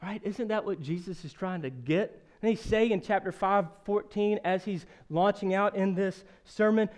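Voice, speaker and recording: A man in his thirties delivers a sermon in a high, smooth, clear voice. He tells stories with self-deprecating humor. Then he builds to emphatic rhetorical questions and drops to a soft, earnest hush. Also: normal speed, few pauses. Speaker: pastor.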